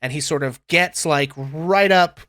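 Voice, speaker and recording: Man narrating a tabletop game, bright tone. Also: fairly high pitch, no echo, studio quality. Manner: loose, halting narration with fillers. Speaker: game master.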